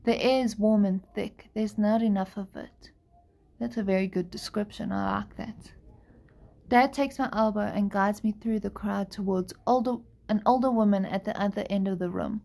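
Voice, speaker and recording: A tired young woman reads a novel aloud on a live stream, yawning and sometimes stopping to chat and apologize in a relaxed way. Her medium-pitched voice is gravelly and mellow, with a steady tone and moderate pace.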